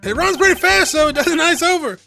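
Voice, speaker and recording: A man voicing a gruff, loyal male police detective who talks in an eager, blustery way. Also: very high-pitched, animated, a little fast, bright, forceful tone, voice pushed up, full character voice. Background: game music.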